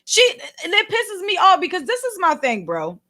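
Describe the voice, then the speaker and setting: A woman with a Philadelphia accent rants straight to her audience in a vlog. Her voice sits very high and comes across bright and sharp. She talks with exasperated, slangy energy. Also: moderate pace. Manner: exasperated, animated ranting full of slang. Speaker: vlogger and podcast host. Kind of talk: ranting commentary.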